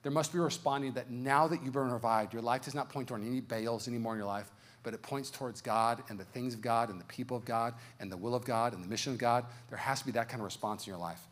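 A man's voice: medium pitch, fast talker. A man preaching a sermon as pastor, telling a story and then praying with rising fervor. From United States. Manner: storytelling, building to loud fervent prayer. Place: church sanctuary.

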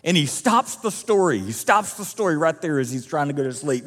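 Husky male preacher in a big echoing hall. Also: fairly high pitch, brisk, few pauses. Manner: lively retelling with asides to the congregation. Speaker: pastor. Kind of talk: sermon storytelling. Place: church auditorium.

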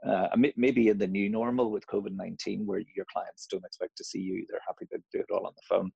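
A man's voice: low-pitched, little pitch movement, fast talker, vocal fry, a little mellow, breathy edge, no echo, highs cut off. A middle-aged man with a Northern Irish accent touched by American, talking casually in an interview, hesitant with many fillers and restarts. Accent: Northern Irish, slightly Americanized. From Northern Ireland.

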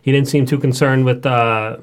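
A man co-hosting a fantasy baseball podcast, talking through stats in a steady, measured way. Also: medium pitch. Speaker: podcast co-host. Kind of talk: casual sports podcast chat.

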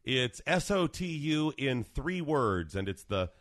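A man's voice: medium pitch, very animated, slow pace, a bit bright, no echo, clean studio sound. Easygoing male talk radio host. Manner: easygoing, reads listener tweets and phone numbers. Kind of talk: political talk radio commentary.

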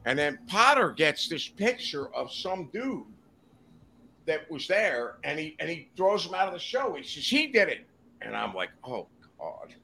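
A man's voice: fairly high pitch, big pitch swings, normal speed, creaky, pushed and bright, a little hiss or hum. A man guest on a casual podcast, telling profane, rowdy anecdotes and acting out the quotes. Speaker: podcast guest, reptile breeder. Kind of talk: casual storytelling chat.

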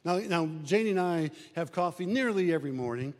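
A man's voice: high voice, lively intonation, fairly quick. A man from the US Midwest preaching a sermon in a folksy, conversational way. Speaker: pastor. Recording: long hall reverb.

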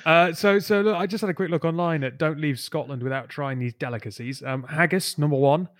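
A man's voice: a little high, fairly quick, a bit bright, dry recording, studio quality. Chatty podcast host, man. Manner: chatty, jokey banter. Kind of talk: casual chat.

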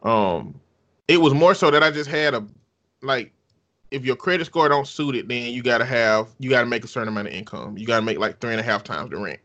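A man's voice: medium pitch, brisk, a bit bright, lo-fi sound. A man hosting a podcast in casual chat, laid-back and joking, often laughing. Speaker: podcast host.

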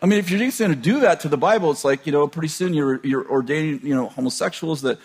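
High-voiced joking preacher man. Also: fast, husky. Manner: chuckles often, joking and conversational; animated, shifts between loud bursts and low asides. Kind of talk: informal sermon.

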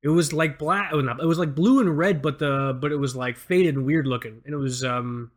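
A man hosting a podcast, telling a story in a casual, animated way, acting out quotes and laughing often. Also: a little high, a little fast. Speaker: podcast host.

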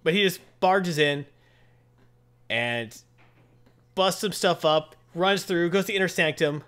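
A man's voice: on the high side, expressive, takes it slowly, a bit bright, smooth. A man hosting a casual chat, retelling a comic book story and acting out the characters' lines. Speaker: comic book podcast host.

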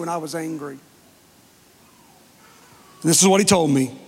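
High-voiced pastor in a reverberant hall. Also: male voice, creaky. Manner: emotional storytelling with dramatic pauses. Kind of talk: testimony sermon. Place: church sanctuary.

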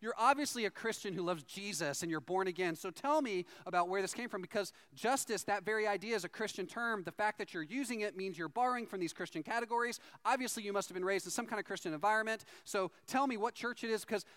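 A man's voice: a little high, fairly bright tone, smooth, lightly acted. A man voicing an eager, insistent male pastor who keeps pressing a stranger in a retold story. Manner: insistent, earnest, rapid-fire persuading.

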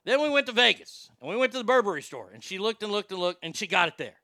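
A man casually telling a story on a chat show, animated and profane, jumping from loud bursts to hushed asides. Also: sits high, fast talker, dry recording.

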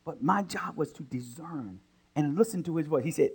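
Animated preacher man, lively pitch. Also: moderate pace, slightly rough. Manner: animated preaching that swings between loud bursts and hushed asides. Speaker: pastor. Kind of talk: sermon.

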